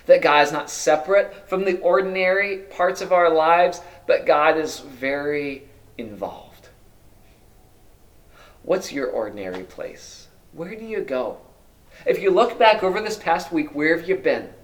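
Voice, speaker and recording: A male pastor preaching a sermon, asking many rhetorical questions and moving between loud emphasis and hushed, quiet lines. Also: a little high, lively intonation, unhurried.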